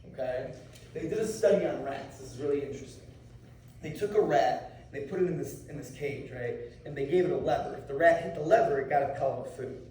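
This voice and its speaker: A martial arts instructor talking casually to a class of students, often checking in with "okay?" and "right?". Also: male voice, a little high, warm tone, a little hiss or hum. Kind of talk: anti-bullying talk to a class. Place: school room with students. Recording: echoey room, mic far off.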